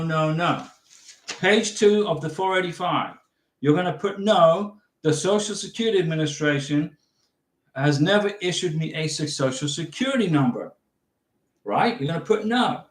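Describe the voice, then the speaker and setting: A man hosting a casual livestream Q&A, talking chattily, repeating himself and giving emphatic step-by-step instructions. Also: high voice. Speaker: livestream host answering viewer questions. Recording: roomy echo, distant from the mic.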